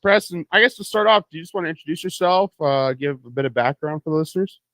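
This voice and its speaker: A man's voice: on the high side, quick pace, a bit bright, dry recording. Easygoing young Canadian man interviewing. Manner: easygoing, joking interviewer with frequent agreement. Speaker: podcast co-host. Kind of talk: casual chat.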